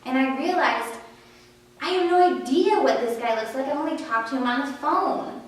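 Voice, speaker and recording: A young woman with a high voice tells a self-mocking story at a live slam and keeps breaking into laughter. She is heard from a distance in a very echoey room with faint ambient noise behind her. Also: moderate pace. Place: small event space before a live audience.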